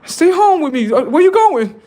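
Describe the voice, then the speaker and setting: A shrill, clingy young woman , as a man puts her on, begs in a high squeak that climbs far above his own low register. She rushes her words and stays loud and pleading. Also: very animated.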